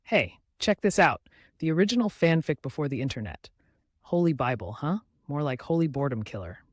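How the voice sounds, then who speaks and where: A man's voice: fairly high pitch, very animated, brisk, dry recording, clean studio sound. A man voicing a boastful, dim-witted cartoon dad who talks in a brash, dismissive, jokey way.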